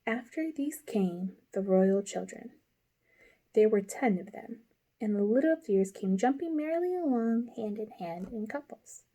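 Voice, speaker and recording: A woman from a library reading a classic children's novel aloud in an expressive, gently paced way. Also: mid-range voice, measured pace. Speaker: library storyteller.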